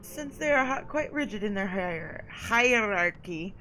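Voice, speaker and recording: A woman reads aloud as a haughty female vampire sire from a story game, looking down on her charge and drawling out her endearments. The voice sits at an ordinary middle pitch and is cool and patronizing. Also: lively intonation, normal speed, a bit bright, faint music behind, natural voice, low-quality recording. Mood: condescending. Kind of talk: reading game dialogue aloud.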